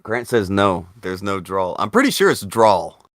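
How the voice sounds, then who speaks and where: A man hosting a casual talk show, animated and swearing, his voice jumping up when he argues. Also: measured pace, dry recording, studio quality. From Indiana. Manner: animated, swearing, jumps up in pitch when arguing. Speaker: podcast host. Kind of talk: casual chat.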